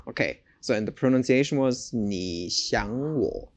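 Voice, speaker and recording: Co-host, casual lesson, curious, careful repetition, mid pitch. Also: measured pace. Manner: curious, repeats phrases carefully.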